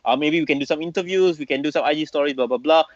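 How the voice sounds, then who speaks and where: A man co-hosts a casual podcast, relaxed and friendly, dropping bro and man. The sound is dry and a little dull, as from a basic mic. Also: fairly high pitch, rapid-fire, no room sound. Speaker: podcast co-host.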